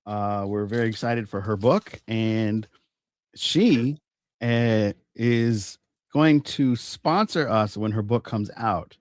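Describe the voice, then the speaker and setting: A man co-hosting a podcast, chatting in an easygoing way and doing shout-outs. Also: lowish voice, slow, no echo, clean studio sound. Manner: easygoing, laughs often. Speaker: podcast co-host. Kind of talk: casual podcast chat.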